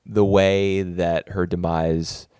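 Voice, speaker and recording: A man's voice: low voice, little pitch movement, takes it slowly, mellow, smooth, dry recording, studio quality. A man co-hosting a casual film podcast, thoughtful and rambling with many fillers and restarts. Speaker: podcast co-host. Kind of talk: casual film review chat.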